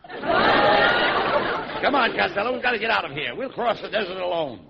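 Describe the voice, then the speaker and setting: A man playing the straight man in 1940s radio comedy, brisk and exasperated. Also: high-pitched, expressive, vocal fry, over a noisy crowd. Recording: lo-fi old radio recording with loud hiss.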